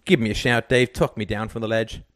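A man's voice: fairly low pitch, fairly even intonation, no echo, clean studio sound, lightly acted. A man reading an audiobook and voicing a harried male business client leaving an exasperated voicemail. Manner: rushed, exasperated complaining.

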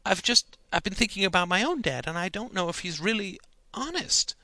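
Storybook teen boy, nosy and awkward, stammers, bright tone, male narrator voicing. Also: sits high, animated, a little fast, no echo, voice pushed up, full character voice. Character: awkward, probing teenage schoolboy.

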